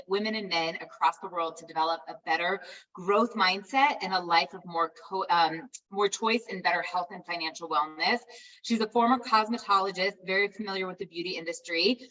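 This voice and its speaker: A woman hosts a team call and heaps effusive praise on her guest. Her voice is bright and forceful. She sits a little back from the microphone, so she sounds slightly distant. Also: lowish voice. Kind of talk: enthusiastic introduction on a team call.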